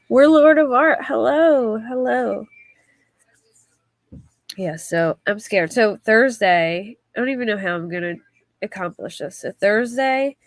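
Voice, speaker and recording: A woman's voice: fairly high pitch, expressive, takes it slowly, pauses often, no room sound. A woman hosting a casual livestream, chatting in a rambling way and reading viewer comments aloud. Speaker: livestream host.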